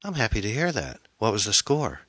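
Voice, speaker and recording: A man voicing a worried middle-aged mother in an audiobook, asking gentle, coaxing questions. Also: fairly low pitch, wildly swooping pitch, fairly quick, no room sound, voice pushed up, heavily acted. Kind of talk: audiobook reading.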